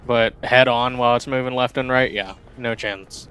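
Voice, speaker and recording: A man's voice: mid-range voice, steady tone, normal speed, a bit bright, slight background noise. A man casually chatting and rambling as he streams a pirate game, often laughing at himself. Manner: chatty, rambling, self-deprecating. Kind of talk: casual gameplay commentary.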